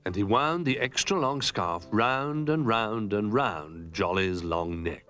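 A man reading a children's picture book aloud in an expressive, animated way. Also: low voice, slow pace, few pauses, faint music behind. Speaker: storyteller.

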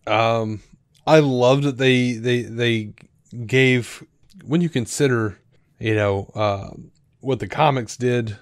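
A man co-hosting a podcast, talking through a show review in a rambling, animated way with lots of fillers and restarts. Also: mid-range voice, slow, clean tone, no room sound, studio quality. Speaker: podcast co-host. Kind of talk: casual review chat.

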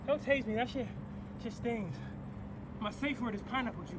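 A man's voice: extremely high pitch, normal speed. A man being arrested in an outdoor car park, joking and rambling in playful banter. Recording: noisy outdoor street recording with traffic.

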